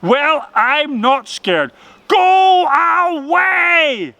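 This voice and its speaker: A man doing a shrill panicky rabbit. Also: wildly swooping pitch, slow, bright, forceful tone, dry recording, lo-fi sound, exaggerated voice. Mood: defiant. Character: frightened, excitable male rabbit.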